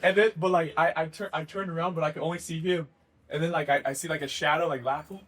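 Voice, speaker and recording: Chill dude a bit high-voiced, chatting with family, cusses casually. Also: male voice, steady tone, fast talker, crowd noise. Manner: laid-back, jumps in and swears casually. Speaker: podcast host, college football player. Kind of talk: casual chat.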